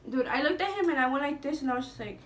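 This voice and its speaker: A woman's voice: sits high, expressive, very fast, fairly bright tone, a little hiss or hum. A young woman telling a school story in a casual storytime vlog, chatty and swearing, with lots of "like". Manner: chatty, swearing, heavy use of "like".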